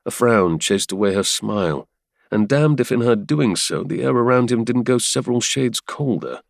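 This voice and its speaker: A man narrating a romance audiobook in a measured, dramatic way. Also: medium pitch, expressive, gravelly, no echo, clean studio sound.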